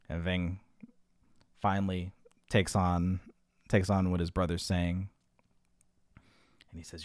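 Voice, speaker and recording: A man's voice: low-pitched, fairly even intonation, moderate pace, long pauses, darkish tone, no room sound. A man casually telling long jokes, rambling with lots of "like" and restarts as he acts out the characters' lines. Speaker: joke teller.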